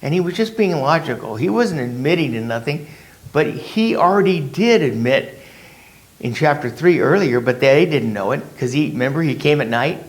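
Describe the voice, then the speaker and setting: A man's voice: on the high side, lively intonation, moderate pace. A man leading a casual Bible study, who asks his class rhetorical questions and acts out the people in the story in his own words.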